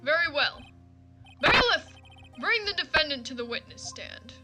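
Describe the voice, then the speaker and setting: A woman's voice: high voice, lively intonation, a little fast, loud music behind the voice. A woman doing a formal, commanding old judge. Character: stern, old male court judge. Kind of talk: fan voice-over of a game.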